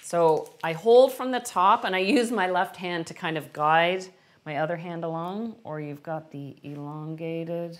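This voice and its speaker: A middle-aged woman hosting a live-stream baking lesson, chatting warmly and answering viewers' questions as she works. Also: fairly low pitch, measured pace. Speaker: baking instructor.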